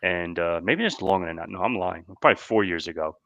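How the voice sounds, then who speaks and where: A man's voice: low-pitched, animated, fast talker, vocal fry, fairly bright tone, no room sound, muffled recording. A man hosting a podcast, talking casually in a loose, rambling way full of fillers. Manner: rambling, filler-heavy talk. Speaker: podcast host.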